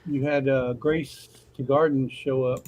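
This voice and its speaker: A man's voice: medium pitch, flat delivery, measured pace, darkish tone, slight background noise. A man from Texas co-hosting a casual live stream, throwing in teasing jokes and short interjections. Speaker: co-host.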